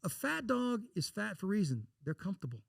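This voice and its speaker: Fast-talking folksy man from Texas. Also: high voice, very animated, vocal fry, no room sound, studio quality. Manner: folksy, blunt, acts out dialogue in anecdotes. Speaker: investor guest. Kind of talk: casual interview storytelling.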